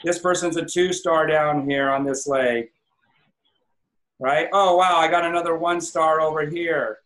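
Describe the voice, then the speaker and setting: A fired-up male coach speaking over a video call, his voice sitting a little high for a man. He swings into loud, excited affirmations. The room around him rings with echo. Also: unhurried. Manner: energetic, acts out exclamatory affirmations. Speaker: network marketing coach.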